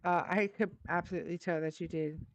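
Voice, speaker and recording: A woman hosting a live stream, brisk and slightly impatient as she moderates callers. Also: on the low side, fairly even intonation, crowd noise.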